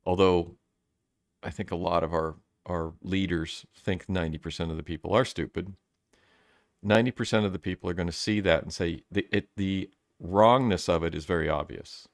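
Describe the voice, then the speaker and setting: A man's voice: sits low, moderate pace, no room sound, studio quality. Rambling man on a podcast. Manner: rambling, many restarts and mock quotes. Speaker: podcast co-host. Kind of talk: casual chat.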